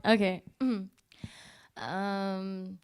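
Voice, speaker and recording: A woman's voice: medium pitch, level tone, drawn-out words, smooth, dry recording, studio quality. A young adult woman, a singer, chatting casually as a guest in an interview, laughing often and rambling through her stories. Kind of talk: casual radio interview chat.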